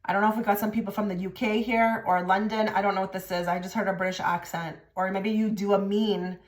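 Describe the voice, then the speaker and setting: A woman's voice: mid-range voice, steady tone, quick pace. A woman giving a casual tarot reading to camera, direct and blunt, with many filler likes. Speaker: tarot reader. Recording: echoey room.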